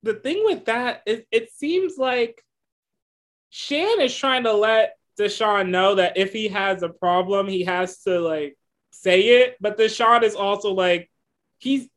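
A man's voice: sits high, slow, a bit bright. A man co-hosting a podcast, chatting casually, rambling and hedging with many fillers as he talks things through. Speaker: podcast co-host. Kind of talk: casual recap chat.

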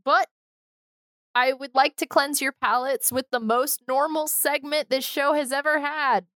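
A woman's voice: sits high, steady tone, a little slow, a bit bright, no room sound, clean studio sound. A woman co-hosting a podcast, wryly explaining old kids' TV clips in casual chat. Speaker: podcast co-host.

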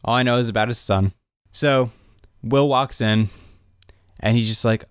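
Young male podcast co-host, animated recap, smooth clear tone, dry close sound. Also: on the low side, normal speed, dry recording. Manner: animated retelling, quotes characters in raised voices. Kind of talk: casual chat.

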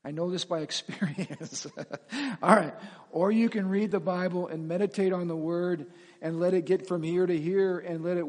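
A man preaching as pastor to his congregation, animated, asking them questions and laughing at himself. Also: a little high. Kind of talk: sermon. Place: church sanctuary with reverb. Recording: long hall reverb.

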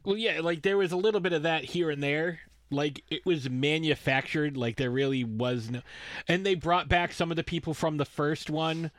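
Sarcastic, ranting man, fairly high voice. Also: moderate pace, fairly bright tone, no room sound. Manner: ranting, sarcastic, swears freely. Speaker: podcast co-host. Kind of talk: casual chat.

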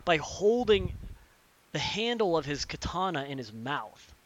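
A young man in casual podcast chat, ranting animatedly and swearing, acting out characters in quick impressions. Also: on the high side, very animated, dull audio.

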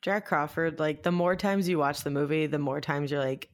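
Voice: medium pitch, moderate pace. A podcast co-host chatting casually about a film, with wry joking asides.

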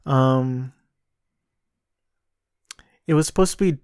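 A man's voice: medium pitch, a little mellow, no echo, studio quality. A man casually reviewing movies and plays on his own show, blunt and exasperated, repeating himself for emphasis. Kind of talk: casual solo review talk.

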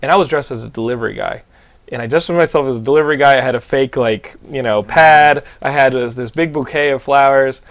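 A young man hosting a podcast, telling animated stories in casual chat, swearing freely and restarting his sentences. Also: medium pitch, a little fast. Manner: animated storytelling, heavy swearing, lots of likes and restarts. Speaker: podcast host.

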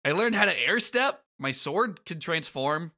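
Earnest teen boy hero, guy doing it, pitched up and bright. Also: animated, measured pace, exaggerated voice. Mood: eager. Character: eager teenage boy hero.

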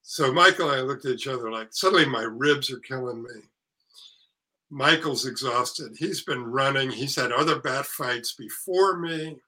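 An older man, an actor and author, casually telling animated stories in an interview, acting out quotes and swearing freely. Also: mid-range voice, moderate pace, poor audio.

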